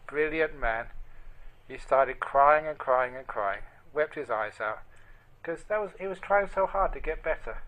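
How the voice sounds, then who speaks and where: A man giving a storytelling dharma talk as a monk, speaking gently and dropping to a near whisper at tender moments. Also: mid-range voice, poor audio. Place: meditation group hall.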